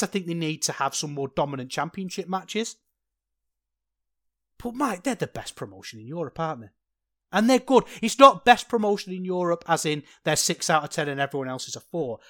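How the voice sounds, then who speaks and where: A man hosting a solo podcast, talking in an animated, ranting way that swings from worked-up to sheepish. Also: a little high. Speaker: podcast host.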